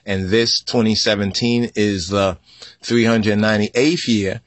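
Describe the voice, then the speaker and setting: A man's voice: on the low side, steady tone, measured pace, dry recording. Man teaching scripture, asking "right?" again and again. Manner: repetitive, asks "right?" constantly, spells out word meanings; rising to loud outbursts. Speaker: religious teacher.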